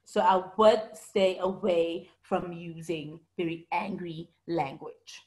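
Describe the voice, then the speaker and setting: A woman's voice: fairly low pitch, steady tone, slow, darkish tone. Female teacher, online class, patient and explanatory, calls on students by name. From South Africa. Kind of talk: online lesson reading student comments.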